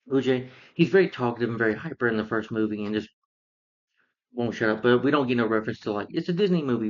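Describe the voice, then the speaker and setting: A man's voice: mid-range voice, dull audio. A man casually reviewing a film, rambling through the plot with lots of fillers and restarts. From lives in Georgia, US.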